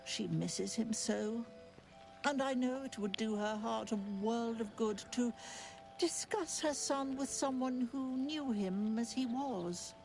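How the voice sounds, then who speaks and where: A woman's voice: fairly high pitch, takes it slowly, creaky, darkish tone, faint music behind. A woman voicing a prim, affectionate female talking cat in a video game, with a genteel manner and fond endearments.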